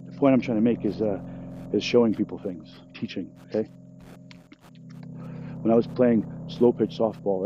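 A man's voice: mid-range voice, dark tone. A man hosting a podcast, telling rambling, profane, jokey stories in a casual monologue. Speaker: podcast host. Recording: dull lo-fi sound with faint music.

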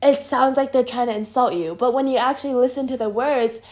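A woman's voice: high voice, a little fast, a little mellow. A teenage girl co-hosting a casual podcast, giggling often and rambling with lots of fillers. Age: teens. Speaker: podcast co-host. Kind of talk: casual chat.

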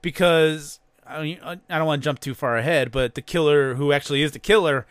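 A man's voice: on the high side, brisk, smooth, no echo. A man hosting a podcast in casual chat, swearing freely as he recounts a horror movie. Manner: animated, laughing, swears freely. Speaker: podcast host.

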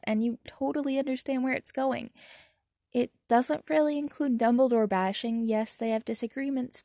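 A woman's voice: fairly high pitch, gravelly, darkish tone, no room sound, clean studio sound. A woman reading fan fiction aloud and then chatting about it with enthusiasm. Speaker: fanfiction reader and reviewer. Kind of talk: reading aloud and casual review.

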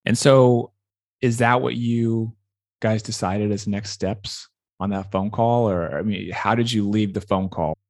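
A woman's voice: a bass voice, steady tone, measured pace, darkish tone, no echo, studio quality. A woman hosting an interview, asking curious questions and laughing along with her guest. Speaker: podcast host.

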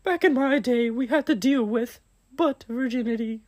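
A man voicing a grumbling old-timer in a high strained falsetto, heard over an online voice call. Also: moderate pace, a little mellow. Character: squeaky grumbling old-timer, nostalgic complainer.

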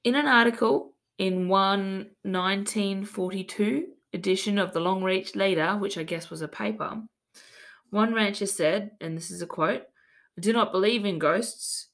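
A woman's voice: mid-range voice, normal speed, vocal fry, a bit bright. Giggly woman telling a spooky legend. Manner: giggly, chatty, reads quotes aloud with asides. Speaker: podcast host. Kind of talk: casual storytelling chat.

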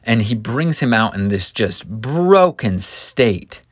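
A man telling a scripture lesson slowly and earnestly, stopping to restart a phrase now and then as he paints the scene. His voice sits in a dry, close space with no room sound. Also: mid-range voice, sing-song, no room sound. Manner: earnest, vivid storytelling with small restarts. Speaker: scripture teacher.

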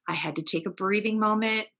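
A woman's voice: mid-range voice, pushed and bright. A woman telling personal family stories as a podcast guest, earnest and open, with many fillers and self-corrections. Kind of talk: candid personal storytelling.

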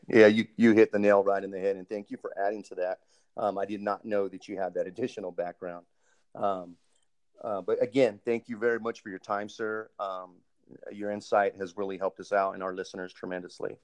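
A young man hosting a podcast interview, polite and formal, pausing often with ums. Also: lowish voice, flat delivery, darkish tone, no echo. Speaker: podcast host, army master sergeant.

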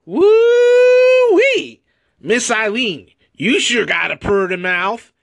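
A man's voice: high-pitched, a little slow, gravelly, pushed and bright, no room sound, voice pushed up, exaggerated voice. A man putting on a crude, leering hillbilly voice with a put-on Southern country drawl.

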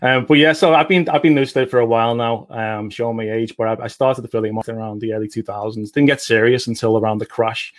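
A middle-aged man with a Liverpool accent, a friendly guest on an online interview, talking quickly and easily. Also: medium pitch, steady tone.

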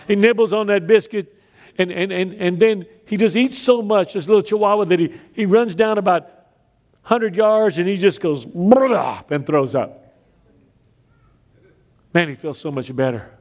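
A man preaching a sermon, telling stories with big swings between loud raised lines and quiet emphatic drops. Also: high-pitched, normal speed, pauses often. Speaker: pastor.

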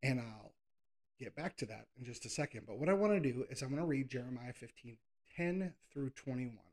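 A man's voice: mid-range voice, lively intonation, fairly quick, darkish tone. A man preaching a casual sermon, reading scripture and talking conversationally, sometimes doing playful whiny voices. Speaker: pastor.

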